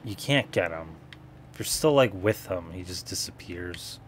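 A man talking over a game he's playing, in a lowish voice with faint noise behind him. His delivery is tired and mumbly, full of offhand swearing and little self-corrections, recorded at a home computer setup. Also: expressive, measured pace. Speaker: gamer. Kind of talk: casual gameplay commentary. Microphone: webcam setup at a computer.

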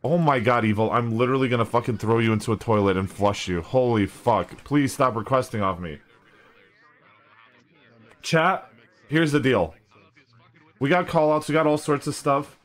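A young man live streaming, casually telling a story to his chat with plenty of swearing. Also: medium pitch. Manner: animated, heavy swearing.

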